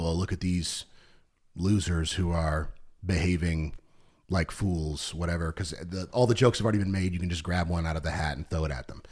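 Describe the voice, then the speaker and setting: A man with a slightly low voice talks loosely on a podcast, piling up "like" fillers and restarting his sentences. When he gets into a story he picks up energy and animation. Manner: rambling, lots of "like" fillers and restarts; animated when retelling stories. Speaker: podcast co-host. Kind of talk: casual chat.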